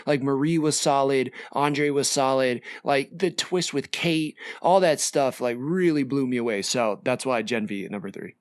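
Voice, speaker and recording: A young man co-hosting a podcast, chatting casually in an excitable, rambling way full of fillers. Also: medium pitch, normal speed, few pauses, smooth, dry recording, clean studio sound. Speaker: podcast co-host. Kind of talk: casual chat.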